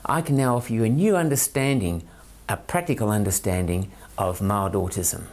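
A man's voice: fairly low pitch, expressive, normal speed, a little mellow. Earnest Australian man, numbered points. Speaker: parent and autism training promoter. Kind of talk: scripted presentation to camera.

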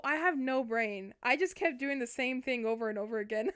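A woman's voice: fairly high pitch, a little fast, hardly any pauses, dry recording. A woman streamer chatting to her viewers as she plays a game, jumpy and talkative. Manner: jumpy, chatty, talks to her chat while playing. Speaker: Twitch streamer. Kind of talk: live gameplay commentary.

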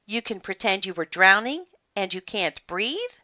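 An upbeat male lifeguard from a children's storybook, put on by a woman reader, explaining first aid to a group of kids. The voice is bright and lively, and the delivery is unhurried. The recording is dry and a little muffled. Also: mid-range voice. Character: cheerful adult male lifeguard teacher.

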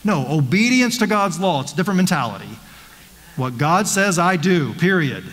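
A man's voice: high voice, very animated, moderate pace, fairly bright tone. Earnest man teaching in a reverberant church. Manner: earnest, rhetorical questions, frequent restarts. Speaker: pastor. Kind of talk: conversational Bible study teaching.

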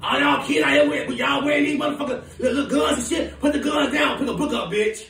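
A man playing a furious, foul-mouthed woman who runs a big city, ranting in shouts and laughter. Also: very high voice, fast, vocal fry, slight background noise, heavily acted. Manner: shouting, profane, laughing rants. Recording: echoey room, voice from far off.

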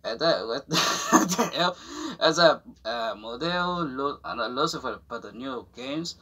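A man's voice: medium pitch, expressive, sharp tone, husky. Rambling, giggly man in broken English. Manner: rambling, halting, with frequent fillers, restarts and giggles; non-native English with broken grammar. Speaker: vlogger showing off a new jacket. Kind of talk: casual unboxing chat to camera.

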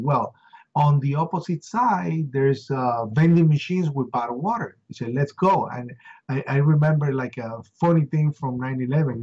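A man's voice: darkish tone, breathy edge. A middle-aged man from Puerto Rico recounting an eyewitness story with emotion, acting out the voices of people he quotes. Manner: acts out quoted voices with rising pitch. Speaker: interview guest. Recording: dull lo-fi recording.

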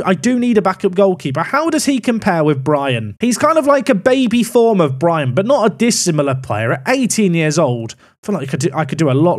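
A young man casually commenting on a management game as he plays, thinking aloud with wry asides. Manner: musing aloud, wry asides, animated pitch swings. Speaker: gaming YouTuber.

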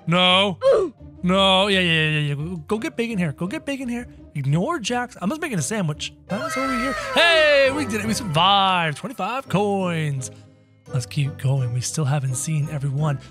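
A man voicing Jax, a jumpy, excitable male cartoon rabbit, chattering through a game and yelping when startled. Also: high voice. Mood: giddy. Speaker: video game player. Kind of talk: let's-play commentary in character.

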